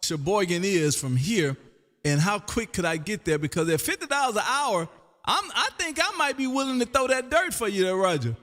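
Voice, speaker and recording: A man hosting a casual ham radio chat, loud and folksy, calling everyone man. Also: high voice, very animated, moderate pace, in a large hall. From Texas.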